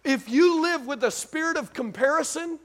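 A man's voice: very high-pitched, normal speed, a bit bright. A man preaching a sermon in a conversational way, repeating phrases and asking the congregation questions. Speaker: pastor.

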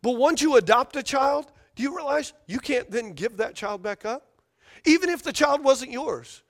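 A man with a high voice preaches from a church stage into a microphone. He talks loosely, with slang, and keeps calling on the congregation to answer back. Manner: energetic, call-and-response with congregation, casual slang. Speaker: pastor. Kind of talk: sermon. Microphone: handheld or stage microphone.

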